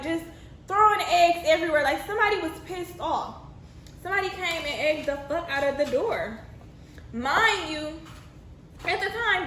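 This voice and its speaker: Young woman spilling a story, high voice, cursing a lot, echoey room. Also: slight background noise. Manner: animated, profane, exasperated. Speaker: storytime vlogger. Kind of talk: casual storytelling.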